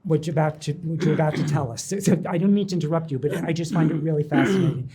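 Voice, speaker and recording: A man's voice: on the high side, rapid-fire, warm tone, slightly rough. A man hosting a local TV interview, eagerly jumping in with questions and stumbling over his restarts. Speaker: host. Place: local TV studio.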